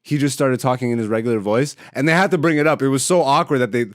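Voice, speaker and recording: A man hosting a casual podcast, bantering loudly with crude, profane jokes and big outbursts of laughter. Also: mid-range voice, fast, no room sound, clean studio sound. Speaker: podcast host.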